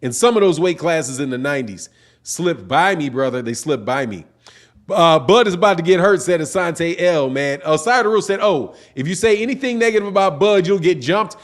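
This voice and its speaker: Middle-aged male stream host, high-pitched, loose and slangy, rambles through viewer comments. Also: lively intonation, a little fast. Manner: reads chat comments aloud, slangy and rambling. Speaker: boxing channel host. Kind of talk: casual livestream chat.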